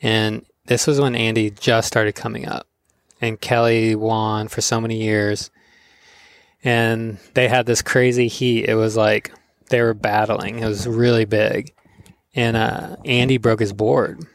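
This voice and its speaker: A man's voice: lowish voice, unhurried, no room sound. A man from Florida, a pro surfer hosting a podcast, telling stories casually with lots of laughing and acted-out voices. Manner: laughing, animated, acts out voices in his stories. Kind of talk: casual storytelling chat.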